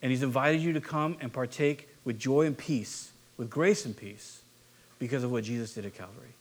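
A man preaching a sermon as a pastor, talking casually, repeating himself and checking in with the congregation, then praying quietly. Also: medium pitch, normal speed. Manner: conversational, repeats himself, asks the room "right?"; drops softer and quieter for the closing prayer.

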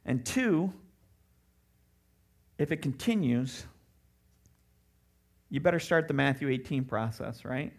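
A middle-aged man preaching a sermon as pastor, animated and lively, often breaking into loud mocking voices. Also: mid-range voice, slow, long pauses.

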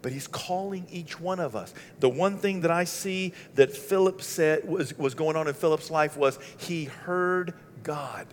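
A middle-aged man from Maine preaching in a conversational, animated storytelling style, acting out the dialogue as he goes. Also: fairly high pitch, unhurried, few pauses, big-room sound, slight background noise. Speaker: pastor. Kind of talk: storytelling sermon.

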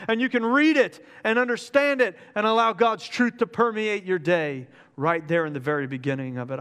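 A man preaching a sermon in an energetic, joking, conversational way. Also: high voice, big-room sound. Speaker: pastor.

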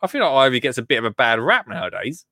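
A man's voice: medium pitch, very animated, racing, bright, forceful tone. A man hosting a casual chat, joking around, laughing often and drifting into little rants. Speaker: podcast host.

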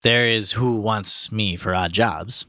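A man's voice: fairly low pitch, slow, sharp tone, no echo. A man reading aloud and voicing a grim, sardonic young man with dry, clipped lines.

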